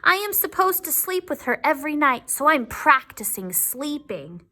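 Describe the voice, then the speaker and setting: A woman's voice: sits high, very animated, moderate pace, sharp tone, pitched above the performer's own voice, exaggerated voice. A woman voicing an earnest little toy bunny in a storybook read-aloud.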